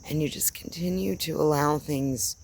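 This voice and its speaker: A woman giving a reflective spiritual talk, speaking gently and searchingly with long pauses. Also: sits low, gravelly, a little hiss or hum. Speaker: spiritual teacher. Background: faint crickets and insects.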